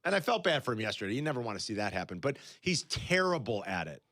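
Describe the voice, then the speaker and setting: A man hosting a sports radio show, chatting casually and telling stories with animated disbelief in a studio. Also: medium pitch, quick pace, no room sound. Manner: animated storyteller, exclaims in disbelief. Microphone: studio microphone.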